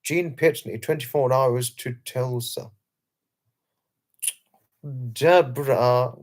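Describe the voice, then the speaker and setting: A man's voice: mid-range voice, takes it slowly, long pauses, darkish tone. A British man hosting a late-night livestream, reading out viewer comments and answering them in a chatty, repetitive, emphatic way. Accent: British English. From England. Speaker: livestream host.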